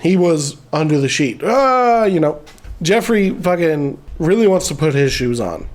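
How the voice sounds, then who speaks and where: A man's voice: a little high, lively intonation, normal speed, darkish tone. A man retelling a horror movie in a casual, rambling way, swearing a lot and laughing as he goes. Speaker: movie reviewer. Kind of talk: casual film recap.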